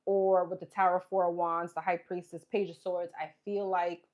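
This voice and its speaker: A woman's voice: lowish voice, level tone, moderate pace, darkish tone. A woman giving a tarot reading, chatty and musing, thinking aloud and repeating herself as she turns over cards. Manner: chatty, musing, repeats "okay" and "what's coming up" while pulling cards. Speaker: tarot reader.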